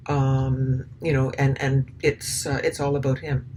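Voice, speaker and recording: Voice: medium pitch, level tone, measured pace, dark tone, slight background noise, rough recording. A commentator talking through a recording, hesitant and full of restarts, with indignant, sarcastic asides. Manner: hesitant, many ums and restarts. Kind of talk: spoken commentary.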